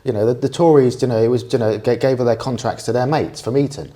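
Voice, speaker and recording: A man's voice: mid-range voice, steady tone, fast talker, mellow. A young man, co-hosting a casual podcast, rambling with frequent restarts and swearing. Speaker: podcast co-host. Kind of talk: casual banter.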